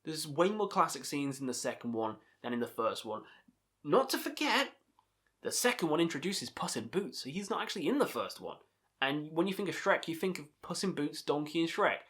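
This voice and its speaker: A man's voice: fairly high pitch, big pitch swings, brisk, a bit bright. A man hosting a video channel, giving a casual, enthusiastic film review full of swearing and laughter. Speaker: video host ranking films.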